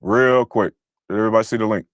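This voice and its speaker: An American man with a fairly low voice talks quickly while hosting a livestream, angrily cursing at his chat and berating the commenters. There is no echo on the recording.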